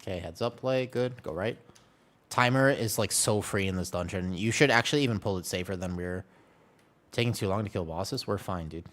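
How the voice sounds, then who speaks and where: Man, slightly low voice, chatty, live gameplay commentary, allergy sniffles, keyboard clicks behind. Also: brisk, a bit bright. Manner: chatty, explains rotations while reading chat. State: sneezing and coughing from allergies. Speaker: streamer playing a tank.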